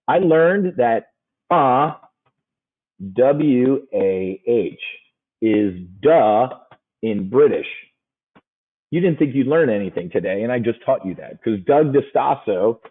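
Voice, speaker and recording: A man's voice: mid-range voice, husky, phone-quality sound. A man giving a casual options trading lesson, folksy and joking, hammering points home with repetition.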